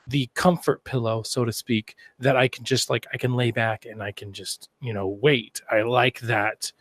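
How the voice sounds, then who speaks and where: A man's voice: mid-range voice, steady tone, normal speed, a bit bright, no echo. A man co-hosting a casual gaming podcast, jokey and rambling, with playful asides. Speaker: podcast co-host.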